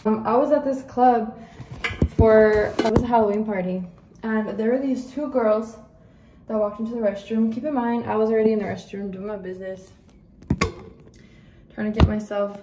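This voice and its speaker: A young woman in her twenties chats animatedly as she does her makeup, swearing freely. Her voice sits a little high. The recording sounds roomy and echoey, with her a bit away from the mic. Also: distant mic, noisy background. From El Paso, Texas. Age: 20s. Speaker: vlogger. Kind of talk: casual get-ready-with-me storytelling.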